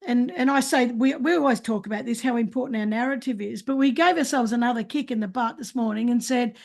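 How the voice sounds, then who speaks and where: A woman in her sixties hosting an interview, talking in an emphatic, animated way with frequent restarts. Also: on the high side, fast, vocal fry. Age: 60s. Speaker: podcast host. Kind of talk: casual interview chat.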